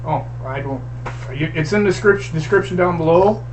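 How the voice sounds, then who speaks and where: A man's voice: on the high side, a little fast, a little hiss or hum, rough recording. A man hosting a casual online show, blunt and profane, half joking. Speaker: show host. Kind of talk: casual chat.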